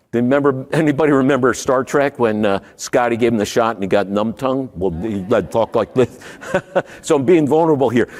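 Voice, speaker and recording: A middle-aged man giving a motivational keynote talk, asking the audience questions and swinging from loud to hushed. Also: medium pitch. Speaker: keynote speaker. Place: large hall before a live audience. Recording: long hall reverb.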